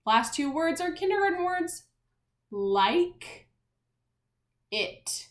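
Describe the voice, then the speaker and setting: A woman's voice: very high voice, big pitch swings, reverberant. A woman teaching young children in a remote lesson, spelling out words letter by letter and asking the class encouraging questions. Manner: slow, clear, spelling out letters and sounds.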